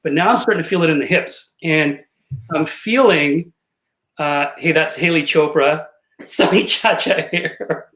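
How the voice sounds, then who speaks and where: A man's voice: fairly high pitch, a little slow, fairly bright tone. A man of around fifty, a podcast guest, telling jokey stories with plenty of laughs over a video call. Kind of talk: casual podcast chat. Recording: roomy echoey call audio.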